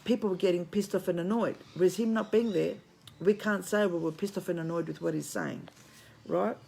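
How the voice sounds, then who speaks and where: A woman's voice: lowish voice, brisk, creaky, mellow, slight background noise. A woman with Greek roots who lives in Australia, giving a blunt, preachy livestream monologue from home to her viewers, swearing freely and calling them friends. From Greek heritage, living in Australia. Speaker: online spiritual commentator. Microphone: phone.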